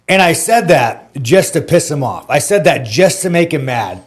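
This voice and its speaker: A man's voice: fairly high pitch, animated, normal speed, hardly any pauses. Rambling, swearing man telling a story. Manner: rambling, heavy use of "like" and swearing. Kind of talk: casual profane storytelling.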